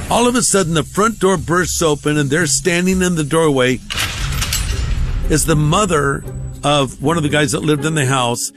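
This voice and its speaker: Guy preaching his testimony, kinda high voice, soft music under it. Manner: conversational, acts out quoted voices. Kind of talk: sermon testimony storytelling.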